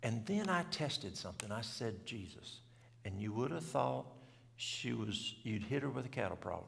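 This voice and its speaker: A man tells a story in a plain, country way, now and then putting questions to his listeners. His voice is gravelly with deep fry, at a mid pitch. It rings with the long reverb of a church hall. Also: animated, moderate pace, slight background noise. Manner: folksy, talks country, asks the audience questions. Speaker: health speaker. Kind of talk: storytelling talk at a church event.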